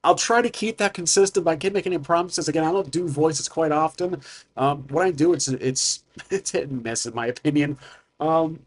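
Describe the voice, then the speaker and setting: A man's voice: on the high side, moderate pace, breathy edge. Man rambling through a solo tabletop game. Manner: rambling, many fillers and tangents.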